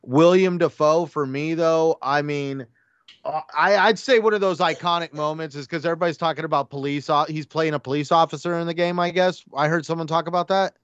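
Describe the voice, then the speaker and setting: A man chatting casually on a gaming podcast, rambling excitedly with lots of fillers and restarts. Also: on the high side, fairly quick, clean tone, no echo, highs cut off. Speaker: podcast panelist. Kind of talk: casual chat.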